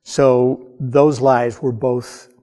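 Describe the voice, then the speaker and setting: An older man from the American Midwest, a painter, telling true stories in an earnest, unhurried way with pauses. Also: medium pitch, little pitch movement, mellow. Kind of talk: storytelling interview. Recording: hall reverb.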